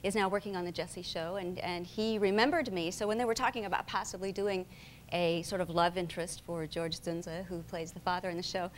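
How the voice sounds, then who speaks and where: A woman from South Dakota in her forties, a talk show guest telling animated anecdotes and acting out the people she quotes. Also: a little fast. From South Dakota, USA. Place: TV studio with audience. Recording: faint rumble, satellite TV capture.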